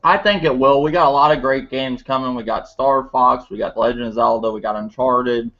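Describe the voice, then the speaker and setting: A man's voice: mid-range voice, fairly even intonation, fairly quick. Rambling man on a muffled podcast. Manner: rambling, filler-heavy. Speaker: podcast co-host. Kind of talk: casual podcast chat. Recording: muffled lo-fi audio.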